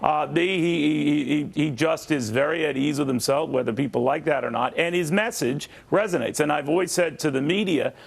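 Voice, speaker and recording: A man hosting a cable news interview, brisk and joking with quick asides. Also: on the high side, gravelly, breathy edge. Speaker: TV news host.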